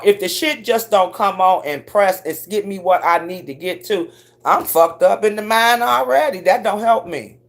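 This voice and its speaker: A middle-aged woman telling stories on a casual livestream, cursing freely and leaping up in pitch when she acts out what people said. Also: normal speed. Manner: profane, animated storyteller who swoops up high for quoted voices. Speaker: live streamer.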